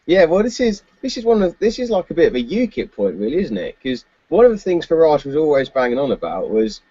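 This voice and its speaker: A man's voice: fairly high pitch, very animated, normal speed, mellow, husky, no room sound, muffled recording. A man co-hosting a casual political chat podcast, talking loosely with frequent fillers and laughs. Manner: chatty, laughs often, many fillers. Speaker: podcast co-host.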